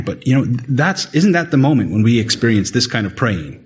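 A man preaching a sermon in an earnest way, often repeating words and rising in pitch to stress a point. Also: very animated, brisk, few pauses, slightly rough. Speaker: pastor.

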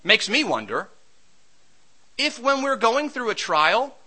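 A male preacher delivers a sermon with a bright, piercing tone. His pitch sits high and swings widely as he reads scripture and acts out its characters. He is expressive and dramatic throughout. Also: slow pace, low-quality recording.

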